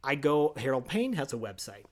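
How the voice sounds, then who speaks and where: A man co-hosting a casual podcast, telling a long story with lively asides and quoted voices. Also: mid-range voice, normal speed. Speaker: podcast co-host. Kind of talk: casual chat.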